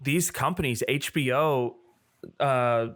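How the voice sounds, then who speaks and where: A man's voice: medium pitch, slow, a bit bright. A man co-hosting a podcast in casual chat, eager and keen, calling his friend "dude" often. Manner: enthusiastic, says "dude" a lot. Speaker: podcast co-host.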